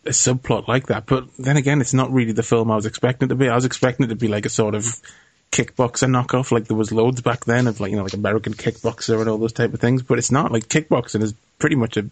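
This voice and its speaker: A man co-hosting a casual film review podcast, animated and mocking, swearing freely. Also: medium pitch, fast talker, no room sound. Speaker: podcast co-host.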